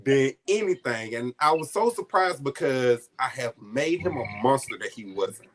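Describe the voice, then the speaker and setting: A man's voice: medium pitch, moderate pace. A man telling a personal story in an interview, heartfelt and close to tears at times, acting out the voices of the people in it. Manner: emotional, heartfelt, choking up at times; animated retelling with quoted voices. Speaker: guest storyteller.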